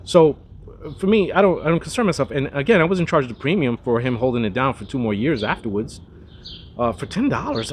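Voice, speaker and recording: A man in the middle of a relaxed cigar review, rambling from one thought to the next. His voice sits at an ordinary middle pitch, and there is a faint hiss of background noise under it. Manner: rambling and chatty, with frequent restarts and asides. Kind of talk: casual cigar review monologue.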